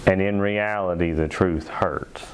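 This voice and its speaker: A man preaching a sermon as pastor in a church, emphatic, slowing down to stress key phrases. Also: deep voice, steady tone, noisy background. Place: church sanctuary.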